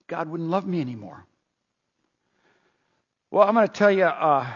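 A middle-aged male pastor preaching a sermon, telling a story earnestly and asking the congregation questions. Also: fairly high pitch. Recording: dull, long-reverb hall sound.

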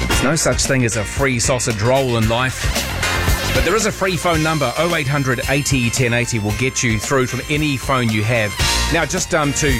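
A man hosts a late-night call-in radio show, talking in a playful, rambling way full of jokey asides. His voice sits at an ordinary mid pitch. Music plays clearly behind him. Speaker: radio host.

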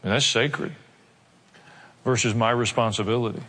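A man preaching a sermon as pastor, earnestly asking his congregation rhetorical questions and slowing down to stress key points. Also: mid-range voice, steady tone, bright, forceful tone, in a large hall. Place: church sanctuary.

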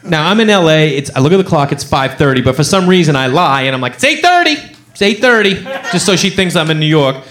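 A man's voice: a little high, fast talker, few pauses. A man doing stand-up on a comedy club stage, telling a story and acting out the other people's voices. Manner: animated, acts out voices.

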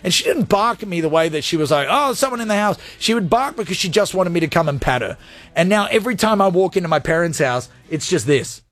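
A man hosting a call-in radio segment, ranting with energy and then talking softly and from the heart. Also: sits high, quick pace, dry recording. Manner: energetic, rants loudly, then goes soft and heartfelt. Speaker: radio host.

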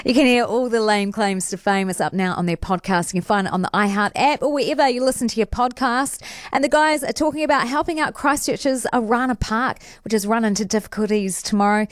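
A woman's voice: a little high, brisk, dry recording, studio quality. Upbeat woman radio presenter. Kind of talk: radio show promo.

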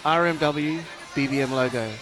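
A man's voice: fairly high pitch, moderate pace, a crowd in the background. A man hosting a live outdoor radio broadcast from a school fair, chatty and jokey with frequent laughter. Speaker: radio host. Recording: loud music behind.

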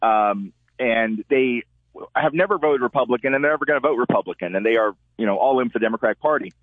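A man, a columnist guest, telling stories in an animated way and acting out the quotes he tells. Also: mid-range voice, fast talker, no room sound. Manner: animated storyteller, acts out quotes. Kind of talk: call-in commentary. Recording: tinny phone line.

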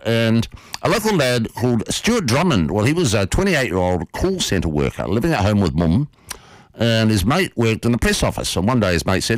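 Lively male radio host. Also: on the low side, moderate pace, no echo. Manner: animated, playful storyteller. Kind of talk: radio storytelling and interview.

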